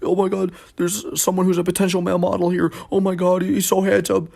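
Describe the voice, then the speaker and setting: Man voicing an old woman, shrieking and frantic, high falsetto. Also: completely flat delivery, a little fast, vocal fry, darkish tone. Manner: screeching, frantic. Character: old woman screaming with excitement.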